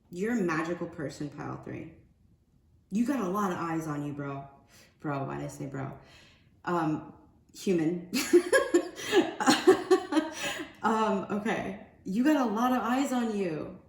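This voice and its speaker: A woman's voice: on the low side, darkish tone. A woman giving a casual oracle card reading. She talks in a loose, rambling, slangy way. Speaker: spiritual card reader. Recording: echoey room with faint ambient noise.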